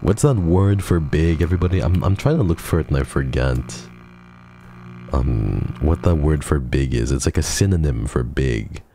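A man's voice: very deep voice, expressive, moderate pace, gravelly, dark tone, faint music behind. A man streaming a game, bantering with his chat in a teasing, profane, mock-menacing way. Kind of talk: casual gaming stream chat.

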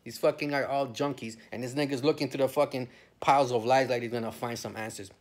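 A man's voice: medium pitch, fairly even intonation, fast. A man from Canada telling a story as a heated, profane rant full of street slang.

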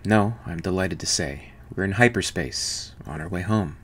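A man's voice: low voice, lively intonation, normal speed. A man reading a firm female ship officer. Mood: concerned.

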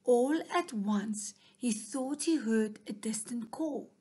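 A woman reading a children's storybook aloud in a high, husky voice. She takes her time and sometimes drops to a soft near-whisper. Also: slow pace, few pauses. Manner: soft, dropping to a whisper at times.

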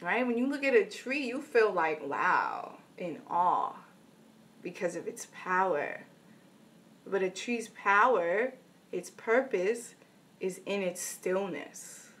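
A woman's voice: mid-range voice, big pitch swings, slow, a bit bright. A woman vlogger giving an earnest motivational talk, telling a story and checking in with "right?" asides. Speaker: inspirational vlogger.

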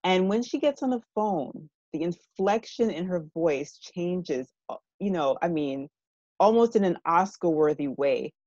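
A woman giving an evening university lecture in a measured, explanatory way, often checking in with her listeners. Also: fairly low pitch, lively intonation, darkish tone, no room sound, muffled recording.

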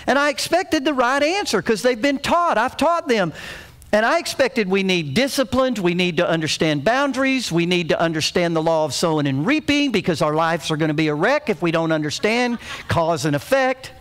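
Male pastor, middle-aged, high-pitched folksy storyteller. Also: normal speed. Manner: folksy, animated storytelling with humor. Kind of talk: sermon.

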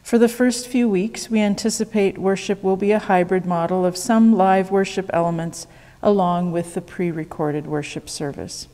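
A woman, a worship leader giving church announcements and leading prayer in a calm, measured way. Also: medium pitch, big-room sound. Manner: calm, measured, reads prayer responses slowly.

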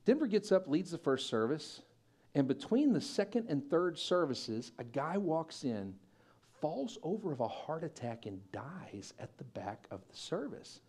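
A man with a high, bright-toned voice preaches to his church. He tells stories with energy, acting out other people's lines and pushing to loud, excited peaks. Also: measured pace, slightly rough. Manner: animated storyteller, acting out quoted voices and building to loud peaks. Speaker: pastor. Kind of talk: sermon with storytelling.

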